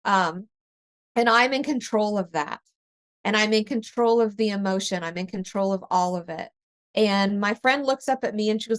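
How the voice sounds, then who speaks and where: A woman speaking as a spiritual medium in a casual conversation, telling lively stories and laughing often. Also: medium pitch, normal speed. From East Tennessee. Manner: animated storytelling with laughter, acts out her own past voice.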